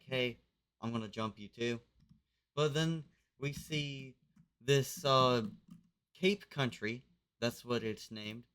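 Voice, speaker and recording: A man's voice: mid-range voice, fairly bright tone, clean tone. A man narrating a map game casually, loose and rambling with lots of fillers. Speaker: video narrator.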